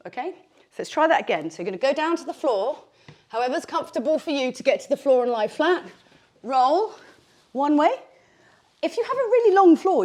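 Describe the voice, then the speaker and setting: Upbeat woman instructor, out of breath mid-workout, chatty and encouraging, voice a touch high. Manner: chatty, encouraging, with fillers like "like" and "okay". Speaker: fitness instructor.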